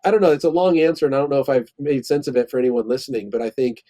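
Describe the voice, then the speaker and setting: A man's voice: mid-range voice, rapid-fire, dark tone. A man, an interview guest, explaining ideas at length in a thoughtful, conversational way, often restarting his sentences.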